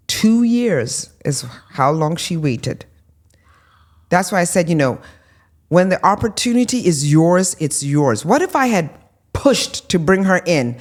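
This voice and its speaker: A woman, a guest in an interview, telling lively stories with many ums and restarts and acting out what people said. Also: lowish voice, a little slow. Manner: animated storyteller, acts out quoted voices. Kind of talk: conversational interview.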